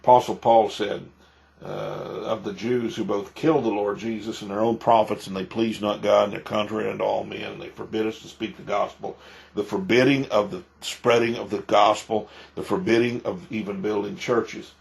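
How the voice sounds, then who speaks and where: A man's voice: lowish voice, steady tone, normal speed, creaky. A male pastor giving emphatic preaching commentary, repeating himself and firing off rhetorical questions.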